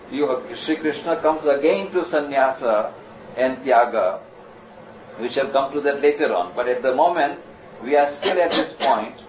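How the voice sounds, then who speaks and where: A man giving a measured, explanatory scripture lecture and slowly reciting Sanskrit verses. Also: mid-range voice. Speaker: spiritual lecturer. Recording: distant, roomy, dull lo-fi recording with noise.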